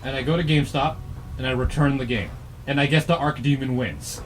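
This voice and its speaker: A man's voice: medium pitch, fairly quick, faint music behind. A man telling a comic plot recap of a video game, swearing, laughing and acting out the characters' lines. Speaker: comedy host recapping a game.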